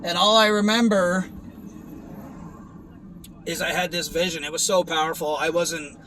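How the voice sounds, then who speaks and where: A man's voice: fairly high pitch, fairly even intonation, a little slow, pushed and bright, a little hiss or hum, poor audio. A young man giving a rambling, earnest personal testimony, with many restarts and fillers. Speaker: testimony vlogger.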